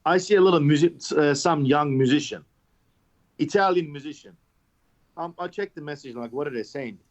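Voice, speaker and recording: A man with a fairly high voice tells stories on a casual podcast. He is sarcastic and profane and mocks people as he goes. The sound is muffled and lo-fi. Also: moderate pace, a little mellow. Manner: sarcastic storyteller, swears a lot. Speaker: knifemaker, podcast guest. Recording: dull lo-fi podcast recording.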